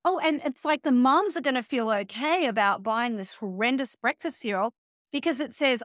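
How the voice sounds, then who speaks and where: A woman's voice: a little high, normal speed, no room sound, studio quality. A middle-aged woman, a health and wellness coach, talking in a casual interview and acting out sarcastic quotes. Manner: animated, acts out quoted voices, sarcastic asides.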